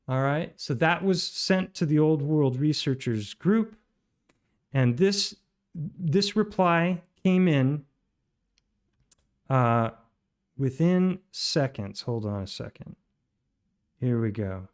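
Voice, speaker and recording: A man with a fairly high voice hosts a livestream and comments on voice messages. He rambles and halts, with plenty of fillers and restarts. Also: clear, resonant tone. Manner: rambling, halting with many fillers. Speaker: livestream host.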